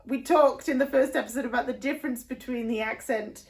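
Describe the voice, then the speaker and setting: A woman from northern England teaches singing in a video lesson, patiently explaining vowel shapes and breaking into short sung demonstrations. Her voice sits high and fairly quick, with vocal fry.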